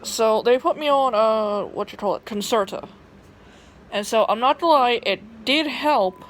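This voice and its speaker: A woman's voice: fairly high pitch, a little slow, a little hiss or hum. A young woman with a Southern US twang, casually telling a personal story to her phone camera, rambling and profane, with lots of fillers and restarts. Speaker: vlogger.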